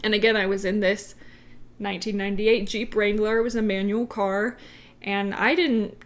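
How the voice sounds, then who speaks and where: Young female podcast co-host, mid-pitched, casual, filler-heavy storyteller. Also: fairly even intonation, normal speed. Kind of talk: casual chat.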